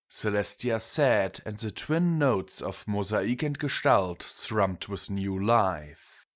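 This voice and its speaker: A man narrating a fan fiction audiobook in a measured storytelling manner. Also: lowish voice, expressive. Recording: long reverb with faint music.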